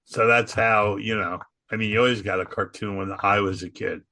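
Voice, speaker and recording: A man's voice: fairly low pitch, steady tone, normal speed, sharp tone. A middle-aged man co-hosting a podcast, eagerly retelling funny cartoon scenes. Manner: enthusiastic, laughs while telling cartoon bits. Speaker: podcast co-host. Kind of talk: casual chat.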